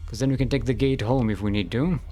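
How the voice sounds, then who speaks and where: A man's voice: medium pitch, quick pace, mellow. Casting: male game streamer, casual commentary, mutters and hums to himself, faint music behind.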